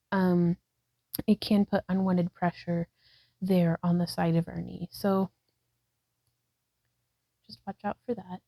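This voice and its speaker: A woman's voice: fairly low pitch, no echo, low-quality recording. A woman leading a yoga practice, cueing breaths and poses, sometimes breathless and laughing at herself. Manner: laughs at herself, relaxed and chatty between cues. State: out of breath at times. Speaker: yoga instructor. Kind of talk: guided yoga practice, self-talk. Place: indoors at home by a wall.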